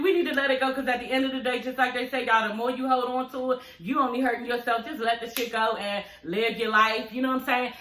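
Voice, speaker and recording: A woman recapping a reality TV show in a sassy, profane, animated way, talking straight to her viewers. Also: fairly high pitch, reverberant. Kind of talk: casual, profane recap chat.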